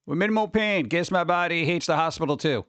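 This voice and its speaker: A man hosting a livestream, chatting casually and rambling excitably with viewers, often laughing. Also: on the high side, fairly quick, dry recording. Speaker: livestream host. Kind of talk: casual chat with live viewers.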